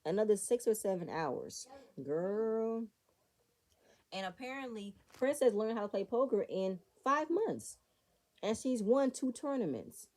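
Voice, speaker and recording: A woman's voice: mid-range voice, big pitch swings, normal speed, a little mellow. Sassy woman recapping reality TV. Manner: sassy, opinionated, talks straight to viewers. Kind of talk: casual commentary.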